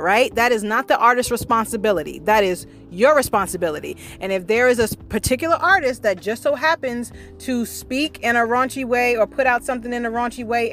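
A woman who writes songs, talking casually and emphatically with many fillers and repeated phrases. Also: fairly high pitch. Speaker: songwriter and artist. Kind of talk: casual opinion monologue.

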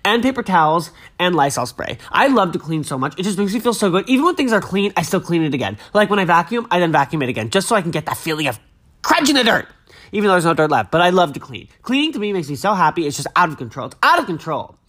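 A man's voice: high-pitched, very animated, quick pace, a bit bright. A young man hosting a podcast, chatting casually and reading news aloud in a gushing, dramatic way, a little stuffy-nosed. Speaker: podcast host.

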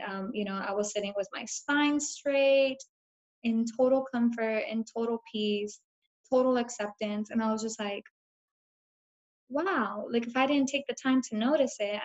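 A woman's voice: a little high, darkish tone. A woman guest telling a personal story in an earnest, reflective way, full of casual fillers. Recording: dull lo-fi recording.

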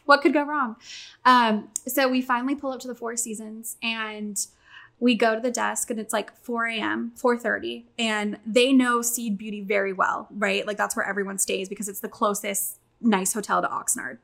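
A young adult woman telling a long story in casual chat, animated and swearing, acting out quotes. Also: on the high side, moderate pace, vocal fry.

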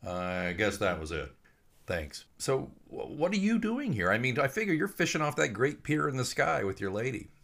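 A man's voice: mid-range voice, sing-song, normal speed, gravelly, a bit bright, voice pushed up, full character voice. A man doing a cranky, sarcastic sailor. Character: grumpy, hurting middle-aged sailor.

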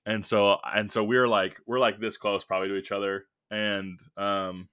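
A young podcast co-host casually tells a work story, rambling with plenty of fillers and restarts. His lowish voice is level, clear and resonant, a bit bright, at a moderate pace.

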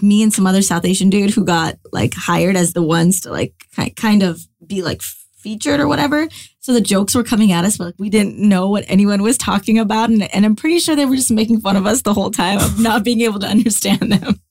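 A young American actress and comedian, chatty and animated, talks as a guest in a casual interview. Her voice has a gravelly edge at medium pitch, moves fairly quickly, and is recorded with no echo, with lots of fillers and restarts.

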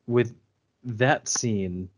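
A man's voice: medium pitch, very slow. A young man co-hosting a casual chat, retelling scenes with lots of fillers and restarts. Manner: rambling, many fillers and restarts.

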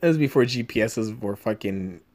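A man's voice: lowish voice, expressive, brisk, darkish tone. A young man hosting a podcast, telling rambling stories full of swearing in casual chat. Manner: profane, rambling storyteller. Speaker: podcast host. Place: Los Angeles area podcast room.

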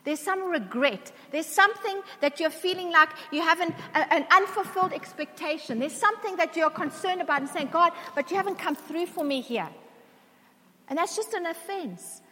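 A woman's voice: extremely high pitch, lively intonation, moderate pace, sharp tone. A woman preacher giving a sermon to a church congregation, emphatic, asking the congregation questions. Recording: long reverb of a large hall.

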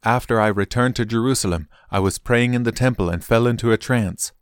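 A man reading scripture aloud in a steady, measured delivery. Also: mid-range voice, clean tone, no echo, clean studio sound. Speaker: Bible reader.

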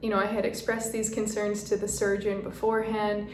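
A woman's voice: mid-range voice, completely flat delivery, brisk. A young woman telling a personal story in a casual, chatty way, often saying "like" and laughing at herself. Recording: roomy echo, faint background noise.

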